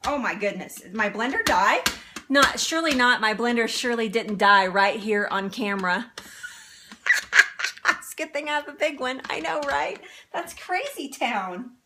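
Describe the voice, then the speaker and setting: A woman's voice: a little high, expressive, moderate pace, noisy background. A woman hosting a live cooking demonstration in her home kitchen, chatty and upbeat, laughing often. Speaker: cooking show host.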